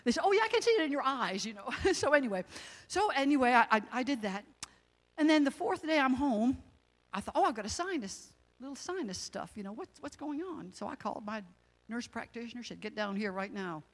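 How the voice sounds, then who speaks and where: A middle-aged woman telling her personal testimony in a casual, animated way, with emotional religious exclamations. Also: fairly high pitch, a little fast, big-room sound. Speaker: guest sharing a testimony.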